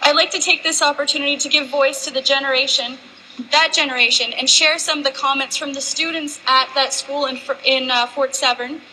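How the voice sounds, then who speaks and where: A woman's voice: sits high, steady tone, fairly quick, sharp tone, slight background noise, rough recording. A woman legislator giving an earnest, impassioned formal speech in a legislative chamber. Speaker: provincial legislator.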